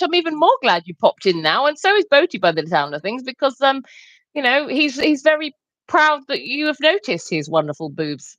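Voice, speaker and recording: A woman's voice: big pitch swings, moderate pace, a bit bright, dry recording. A woman co-hosting a livestream, chatting in a giggly, teasing way. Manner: giggly, teasing, swoops up in pitch. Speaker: livestream co-host. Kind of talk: casual livestream banter.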